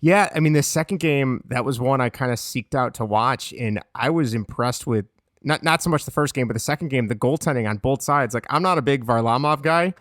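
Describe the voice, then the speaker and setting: A young man talks hockey in a loose, rambling way, stopping to restart his thoughts. His voice sits at an ordinary middle pitch. It is recorded close and dry, with no room sound. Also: a little fast, a bit bright, dry recording. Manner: rambling, self-correcting, chatty. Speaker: podcast co-host. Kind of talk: casual hockey chat.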